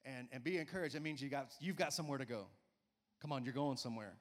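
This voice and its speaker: A man in his forties preaching a sermon in a church, energetic and coaxing, often urging listeners with "come on.". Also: medium pitch, fast. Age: 40s. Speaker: pastor. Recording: church hall reverb.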